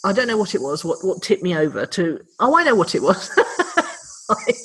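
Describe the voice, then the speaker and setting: A woman's voice: lowish voice, big pitch swings, brisk, slightly rough, rough recording. A woman in her fifties co-hosting a podcast in casual chat, telling stories in a dry, wry way. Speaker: podcast co-host.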